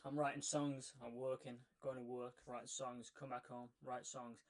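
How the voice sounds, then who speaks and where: A young man telling his own story in a casual monologue, energetic and emphatic, repeating phrases for effect and a little out of breath. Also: mid-range voice, moderate pace. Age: young adult. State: slightly out of breath. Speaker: vlogger.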